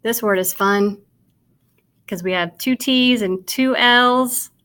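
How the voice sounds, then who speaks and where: A woman's voice: fairly high pitch, takes it slowly, fairly bright tone. A woman teaching kindergarten sight words, sounding out and spelling each word for young children and praising them as she goes. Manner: encouraging, talks directly to the child watching. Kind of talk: slow, patient phonics lesson for young children.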